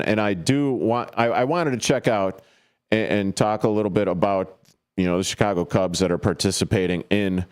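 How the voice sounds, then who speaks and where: A man hosting a live sports radio show on his own in a studio. He rambles and jokes with plenty of fillers and breaks into sudden high, yelped calls of players' names. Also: darkish tone, clear, resonant tone.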